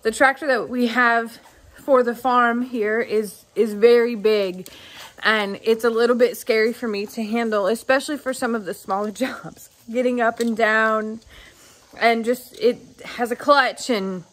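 A young woman talks to her viewers in a high, bright register, gushing freely with feeling. Her casual farm-vlog chat is broken up by frequent laughs and soft sighs. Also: steady tone, a little slow. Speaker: farm vlogger.

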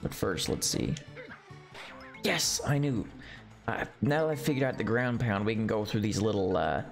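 A man live-streaming a retro platform game, chatting casually and reacting with excited, easily delighted commentary. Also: lowish voice, normal speed, creaky. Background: faint game music.

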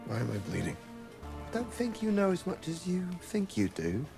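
A wry, gravelly man. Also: on the high side, huge pitch swings, normal speed, music in the background, heavily acted. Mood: cocky. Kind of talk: TV series drama.

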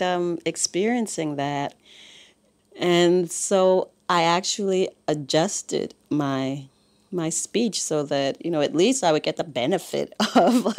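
Low-voiced American woman, laughing storyteller. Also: creaky. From Brooklyn, US. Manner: animated storytelling, laughs often. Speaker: interviewee. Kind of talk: candid conversational interview.

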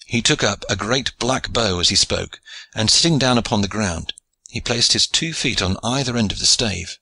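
A man narrating a classic adventure novel in a measured, even storytelling manner. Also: fairly low pitch, husky, no echo. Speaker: audiobook narrator. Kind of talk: scripted narration.

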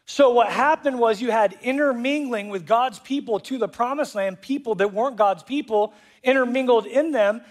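Pastor guy preaching, high voice, playful, does little voices for the quotes. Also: moderate pace, few pauses. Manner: animated, jokey, acts out voices in quotes. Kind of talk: sermon. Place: church auditorium.

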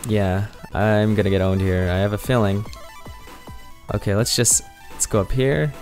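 A man's voice: fairly low pitch, steady tone, normal speed, a little mellow, soft background music. A man hosting a let's play video, chatting over the game in a jokey, upbeat way. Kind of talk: game commentary.

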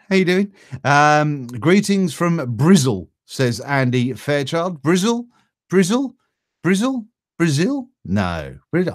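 A man's voice: on the high side, no echo, clean studio sound. A man from Britain hosting a casual live stream, reading out viewer greetings with a chatty, jokey manner.

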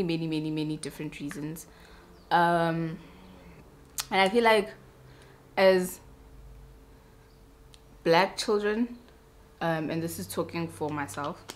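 A woman's voice: lowish voice, slight background noise. A young woman, a beauty vlogger chatting casually and self-mockingly while doing her makeup.

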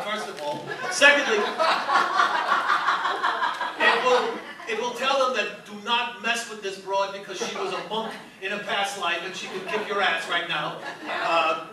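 A man's voice: high voice, close to an everyday voice. A man playing a grandiose, mock-mystical psychic doctor in a live stage comedy bit. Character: pompous self-assured male psychic doctor. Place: stage before a live audience. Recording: echoey noisy room, mic far off.

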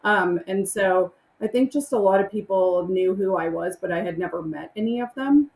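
Chatty woman guest, roomy sound. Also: moderate pace. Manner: animated, acts out excited greetings in a high voice. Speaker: interview guest. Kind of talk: casual interview chat.

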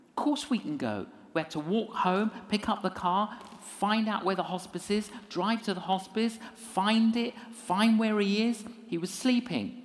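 In a high voice and at a slightly slow pace, a man who is a minister and evangelist recounts a story in a lecture. He is an animated storyteller, acting out voices and poking fun at himself.

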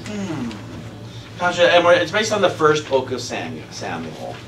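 A man's voice: fairly high pitch, wildly swooping pitch, moderate pace, a bit bright. A man giving a casual, conversational sermon, telling a story with frequent laughter. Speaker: minister. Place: church sanctuary. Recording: echoey hall, far from mic, noisy.

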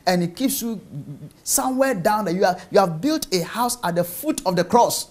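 A man preaching a sermon in an emphatic way, checking in with his listeners through rhetorical questions. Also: high voice.

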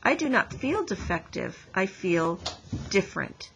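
A woman reading as a calm female robot. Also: mid-range voice, measured pace, vocal fry, slight background noise, exaggerated voice, rough recording. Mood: earnest.

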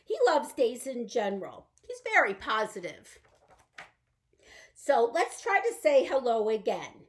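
A woman with a high voice reads a picture book to young children, coaxing them to join in. Her pitch leaps around with animated energy, and at times she drops to a hushed whisper. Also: a little slow. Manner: animated, coaxing, addresses kids directly. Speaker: children's librarian. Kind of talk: storytime reading with songs. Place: library, indoors.

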